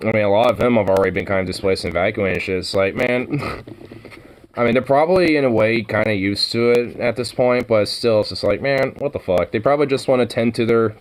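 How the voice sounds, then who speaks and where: A man's voice: on the low side, brisk, a little hiss or hum, low-quality recording. A man in a casual, rambling monologue, swearing a lot and full of fillers.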